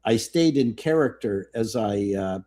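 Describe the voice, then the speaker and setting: A man's voice: fairly low pitch, animated, measured pace, mellow. A man around seventy, an actor guest on a live chat, telling rambling self-mocking anecdotes. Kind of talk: casual chat.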